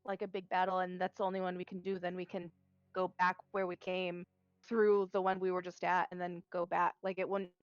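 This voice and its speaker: Smooth-voiced practical woman. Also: lowish voice, flat delivery, brisk, dry recording, lo-fi sound. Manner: practical, talks it through. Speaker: player. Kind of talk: casual chat.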